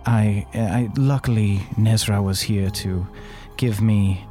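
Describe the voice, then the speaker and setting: A man voicing a grieving female mushroom-folk figure who speaks formally and haltingly in a tabletop game. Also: fairly low pitch, fairly even intonation, mellow, faint music behind, pitched below the performer's own voice.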